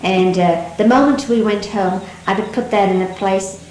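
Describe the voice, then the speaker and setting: Middle-aged woman reminiscing on old tape. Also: mid-range voice. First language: Dari. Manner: gentle, unhurried, reflective, with many pauses and restarts. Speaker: speaker recounting memories. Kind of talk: reminiscing storytelling talk. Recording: roomy archival 1970s tape with faint hiss.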